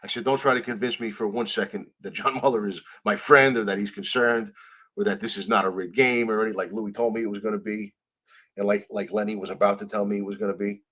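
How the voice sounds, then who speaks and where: Man telling a story with animated dialogue. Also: lowish voice, fast talker. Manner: animated, acts out quoted dialogue, swears freely. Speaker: guest. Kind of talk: storytelling in a conversational interview.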